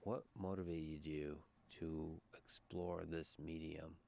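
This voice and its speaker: A man's voice: rumbling low, level tone, slow pace, creaky, warm tone. A man hosting an interview, asking loose, enthusiastic questions peppered with fillers. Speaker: podcast interviewer. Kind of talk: conversational interview.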